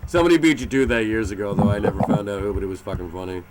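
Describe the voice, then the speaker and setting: A man's voice: lowish voice, racing, a loud crowd. A man streaming a racing game and chatting casually, cursing often and rambling through stories. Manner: profane, rambling, jumps into mocking voices. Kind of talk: casual gaming stream chat.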